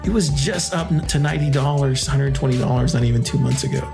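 A man hosting a casual crypto podcast, hyped and joking, laughing often and jumping into high exclamations. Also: fast, creaky, over music. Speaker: podcast host.

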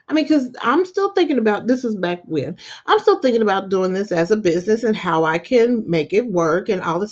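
A podcast host chats casually and motivationally, telling animated stories and laughing often. Her voice leaps high whenever she quotes herself, though the audio sounds dull.

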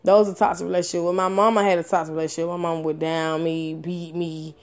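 A woman in her thirties telling a personal story candidly and frankly, swearing often, with many fillers and restarts. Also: quick pace. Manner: animated, with sudden rises in pitch and loudness. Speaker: storyteller sharing a personal experience.

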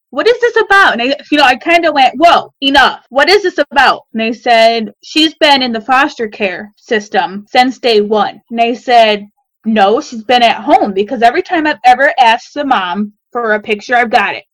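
A woman telling an emotional personal story, acting out the dialogue with sudden leaps in pitch. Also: dry recording. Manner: acts out quoted dialogue with sudden jumps in pitch.

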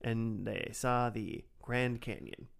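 A man's voice: mid-range voice, fairly even intonation, slow, vocal fry, clean tone. A man co-hosting a podcast, recapping an episode in rambling casual chat with many fillers. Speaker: podcast co-host recapping a cartoon.

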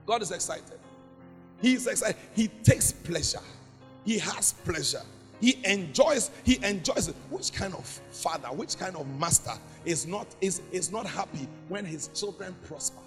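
A man's voice: high-pitched, lively intonation, moderate pace, fairly bright tone, soft background music. A man, a pastor, preaching a sermon in an emphatic, repetitive way that swells into chanted prayer. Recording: long hall reverb.

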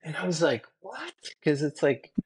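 In a candid storytelling interview, a man who works as a tattoo artist rambles through his stories with earnest emotion and lots of "you know" and "like." His medium-pitched voice is creaky and husky, and he keeps a moderate pace.

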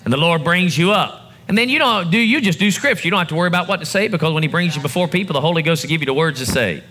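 Man, pastor, sermon in church, high voice, call-and-response preaching. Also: expressive, racing, sharp tone. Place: church service before a congregation.

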